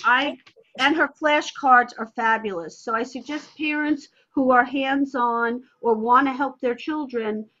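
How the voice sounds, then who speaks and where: A woman speech pathologist explaining her methods in an interview over a video call, lively and playful in her delivery. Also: a little high. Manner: lively, breaks into playful demonstration voices. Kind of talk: expert answering interview questions. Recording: slightly muffled call audio.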